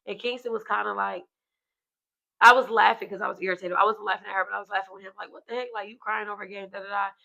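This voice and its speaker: A woman co-host in casual chat, telling a story about her kids with gravelly fry in her voice. She jumps into the voices of the people she quotes and swears without a second thought. The recording is a little dull and lo-fi. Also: mid-range voice, fast talker. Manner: animated storyteller who acts out quotes, swears freely. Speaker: podcast co-host and mother.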